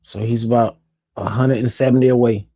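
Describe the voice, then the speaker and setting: A man's voice: mid-range voice, steady tone, fairly quick, mellow, dry recording, dull audio. Laid-back man hosting a live stream. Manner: laid-back, chatty, repeats phrases. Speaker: livestream host. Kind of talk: casual live-stream chat.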